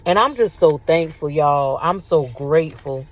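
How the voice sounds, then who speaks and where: A woman, talking casually about faith to her viewers, animated and repetitive, calling them y'all. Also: low-pitched, a little slow, few pauses. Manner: animated, repeats herself, addresses viewers as y'all. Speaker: faith video host. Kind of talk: casual spiritual talk to viewers.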